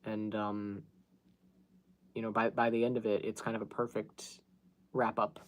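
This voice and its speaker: In a lowish, flat voice and an unhurried pace, a man hosting a podcast rambles through casual stories, often using fillers and restarting his sentences.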